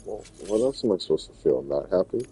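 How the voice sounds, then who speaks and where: A man's voice: sits low, big pitch swings, fast, dark tone, husky, rough recording. A man chatting casually while playing a game, teasing his friend with profane banter. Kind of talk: casual chat.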